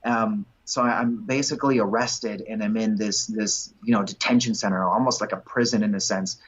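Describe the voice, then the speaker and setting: A husky, slightly rough man's voice, middle-pitched, recounting his past with lively energy as an interview guest. He slips into the voices of the people in his stories. The recording sounds dull and lo-fi. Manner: animated storyteller who acts out quotes. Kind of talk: storytelling in an interview.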